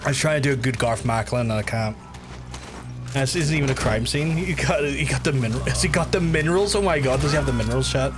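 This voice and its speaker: A male gaming streamer talks in a loose, rambling way and swears often as he plays. His voice sits at an average pitch for a man, and game music plays clearly underneath. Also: quick pace. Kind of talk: casual livestream commentary.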